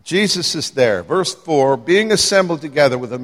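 A man's voice: on the high side, moderate pace, hardly any pauses. A man preaching a sermon to a live congregation, conversational and playful, joking and asking the audience questions. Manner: lively, conversational, jokes with the audience. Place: church hall with live congregation. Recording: long hall reverb.

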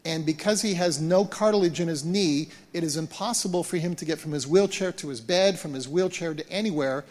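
A man preaching as a pastor, retelling events in an animated way and often repeating words as he restarts. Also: a little high, fairly quick. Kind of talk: sermon storytelling. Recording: long hall reverb.

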